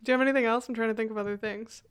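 A young woman hosting a podcast, chatty, playful and animated in casual conversation. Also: fairly high pitch, racing, clean tone. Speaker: podcast host. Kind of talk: casual chat.

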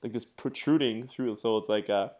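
Lower-pitched man telling gritty stories. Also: moderate pace. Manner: animated storyteller, swears, laughs while telling. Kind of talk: casual chat.

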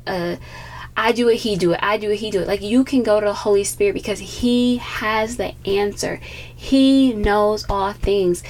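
Young woman podcaster telling her faith story, fast and lively, lots of vocal fry. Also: mid-range voice. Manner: fast, animated storytelling with laughs. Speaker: podcast host. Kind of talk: casual faith testimony.

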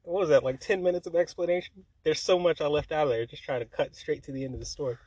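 A man with a husky, slightly breathy voice tells a chaotic story in casual chat. He swears freely and breaks into laughter, and his voice shoots high when he gets excited. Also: fast talker, no echo.

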